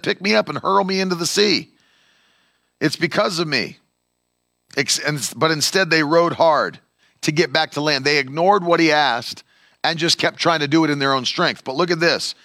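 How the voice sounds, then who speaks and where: A man preaching a sermon as a pastor, animated, acting out the voices of the people he quotes. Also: fairly high pitch, moderate pace, no echo, clean studio sound.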